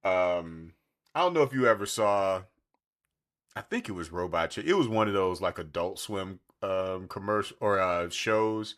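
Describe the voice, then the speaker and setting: In a casual TV review chat, a male podcast co-host speaks in a low, unhurried voice. He's lively about it, jumping into voices to perform quotes from the series.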